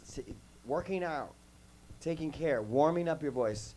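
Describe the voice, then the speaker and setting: A man's voice: a little high, expressive, a little slow, darkish tone, rough recording. A man in his forties with a voice under the weather, telling stories at a casual workshop Q&A and wandering off on tangents. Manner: rambling, goes off on tangents. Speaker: guest musician at a workshop Q&A. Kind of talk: casual storytelling Q&A. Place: music school room with kids.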